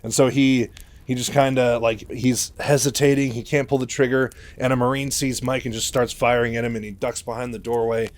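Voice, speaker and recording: A man's voice: medium pitch, level tone, fairly quick. A man casually retelling a novel in a loose, chatty way, full of fillers. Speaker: storyteller.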